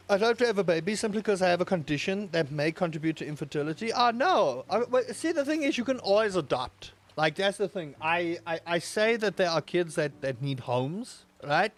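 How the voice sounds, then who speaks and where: Man, high voice, theatrical outbursts, casual gaming chat. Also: moderate pace. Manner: animated storyteller, exaggerated outbursts, rambling asides. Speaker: gaming YouTuber. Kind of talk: casual chat while playing a game.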